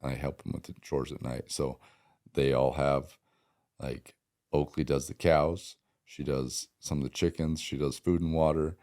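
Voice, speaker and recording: Very deep-voiced man, mellow. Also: flat delivery, unhurried. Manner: plainspoken, many short agreeing replies. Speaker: podcast guest. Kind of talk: casual conversation.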